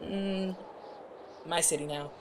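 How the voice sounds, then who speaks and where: A woman's voice: lowish voice, fairly even intonation, takes it slowly, pitched below the performer's own voice. A woman voicing a smug, gloating male emperor in a mocking tone.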